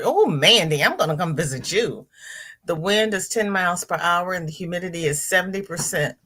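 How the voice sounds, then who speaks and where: Reading out chat comments and greeting viewers by name, a middle-aged woman hosts a casual livestream. Her voice is fairly low in pitch and a bit bright.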